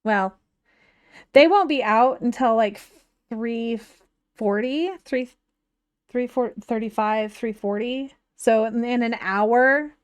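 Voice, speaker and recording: A woman in her thirties with a fairly high voice chats casually while playing a game on a live stream, thinking aloud from her home computer. She speaks slowly, and her tone is clean on a dry recording.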